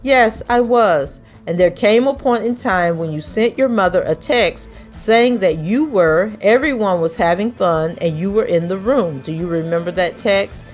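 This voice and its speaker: A woman podcast host reading a trial transcript aloud, voicing the questioning in a measured, even way. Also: on the low side, faint music behind.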